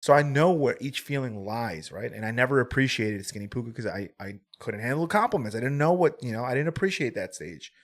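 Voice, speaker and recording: A man's voice: medium pitch, lively intonation, brisk, few pauses. A man in his twenties telling a personal story on a podcast, candid and rambling, swearing freely and filling his talk with "like" and "right?". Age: 20s. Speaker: podcast guest. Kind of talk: casual storytelling.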